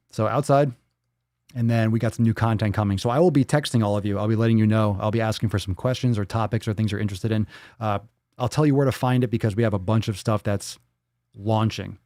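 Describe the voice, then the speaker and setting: A male podcast host signing off a casual livestream, playful and crude, tossing out hype catchphrases. His voice is mellow and relaxed rather than bright. He is heard up close on a dry podcast mic. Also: on the low side, quick pace, no room sound.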